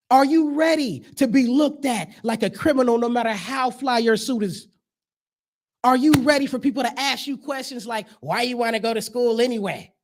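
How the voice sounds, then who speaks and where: A man's voice: very high voice, darkish tone. A man performing spoken word as a guest speaker at a church service, rhythmic and emphatic, with casual slang. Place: church sanctuary.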